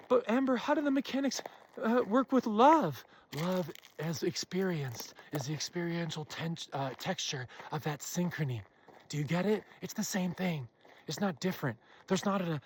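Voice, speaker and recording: Woman, impassioned monologue, emphatic, rhetorical questions, faint background hiss. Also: fairly low pitch. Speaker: self-help speaker.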